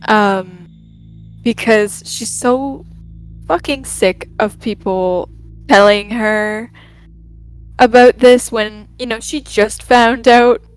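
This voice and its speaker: A woman player in a tabletop game, talking slowly and casually in a fairly high voice. She hesitates and swears now and then, over faint background music. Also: fairly even intonation, smooth.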